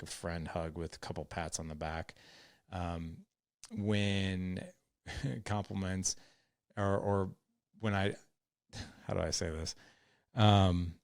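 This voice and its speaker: A man's voice: low-pitched, vocal fry, no echo, studio quality. A middle-aged man hosting a podcast, talking earnestly and rambling, with many restarts and retold conversations. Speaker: podcast host. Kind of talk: solo podcast talk.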